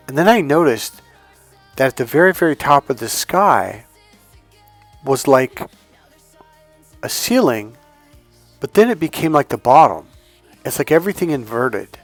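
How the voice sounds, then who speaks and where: Man, dating coach, slow deliberate delivery, blunt swearing, mid-range voice, faint background music. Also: mid-range voice. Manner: deliberately slowed, calm delivery with blunt profanity. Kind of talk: casual storytelling monologue.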